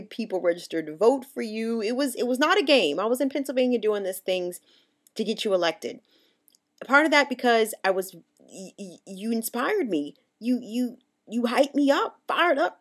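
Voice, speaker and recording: Animated, emphatic woman ranting on camera. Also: a little high. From United States. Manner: animated, emphatic, with frequent stumbles and restarts. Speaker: vlogger. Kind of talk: direct-to-camera political rant.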